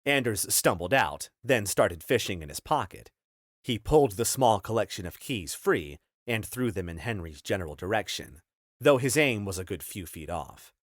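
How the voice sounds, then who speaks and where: A man's voice: lowish voice, animated, normal speed, dry recording. A man narrating an audiobook in a scripted style, telling the story steadily on a close studio mic.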